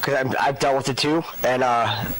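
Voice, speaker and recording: A man's voice: medium pitch, steady tone, normal speed, background noise. A man interviewing in a played-back clip, casual, joking and supportive toward his guest. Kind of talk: conversational interview.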